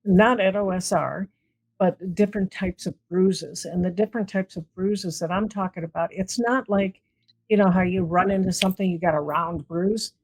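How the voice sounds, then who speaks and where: Animated woman telling stories, dry close sound. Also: lowish voice, moderate pace, slightly rough, no room sound, rough recording. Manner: animated, acts out quoted dialogue. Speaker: guest, paranormal investigator. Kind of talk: casual storytelling interview.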